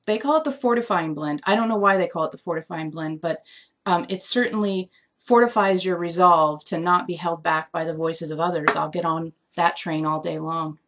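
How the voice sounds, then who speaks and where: A woman with a slightly low, fairly bright voice gives a live intuitive essential oil reading at a moderate pace. She muses aloud, using many fillers, trailing off and restarting as she searches for words, and at times sounds moved almost to tears.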